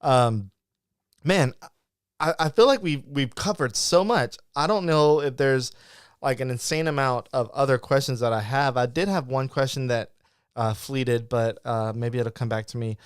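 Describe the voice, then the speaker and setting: A man's voice: medium pitch, moderate pace, smooth, no echo, clean studio sound. A man hosting a live podcast interview, chatting casually and rambling, with lots of restarts and acted-out quotes. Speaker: podcast host.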